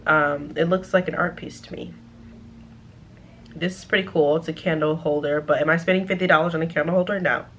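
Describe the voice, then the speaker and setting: Chatty woman vlogger, slightly low voice. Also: steady tone, fairly quick, a bit bright, highs cut off, slight background noise. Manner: chatty, thinking aloud, lots of "like" and "um". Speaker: home decor vlogger. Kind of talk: casual chat.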